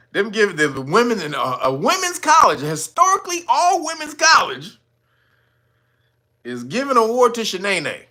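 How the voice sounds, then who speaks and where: A male host riffing through a commentary stream, laughing and swearing often. His voice is high and bright, and it swoops widely as he gets animated. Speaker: channel host. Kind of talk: casual news commentary stream.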